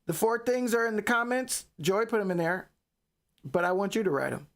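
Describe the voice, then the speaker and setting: A woman's voice: medium pitch, animated, normal speed. A woman hosting a live motivational faith talk, emphatic and preachy, repeating phrases for effect. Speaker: podcast host.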